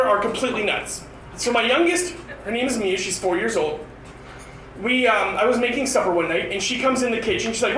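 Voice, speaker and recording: High-voiced man doing stand-up in a bar. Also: bright, forceful tone, distant mic. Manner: rambling storytelling with frequent restarts. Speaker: stand-up comedian. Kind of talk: stand-up comedy set. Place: bar open mic stage, indoors. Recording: echoey room, voice off-mic, noisy.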